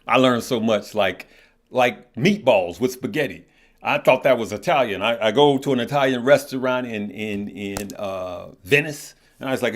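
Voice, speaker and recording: A middle-aged man hosting a live stock market show, talking loosely with viewers, often repeating words and checking in with "right?" and "okay?". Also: mid-range voice. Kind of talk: casual live-stream chat reading viewer comments.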